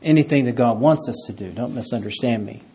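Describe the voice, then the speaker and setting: A pastor preaching a sermon, reading scripture aloud and rising loud on key words. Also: male voice, medium pitch, a little fast, breathy edge.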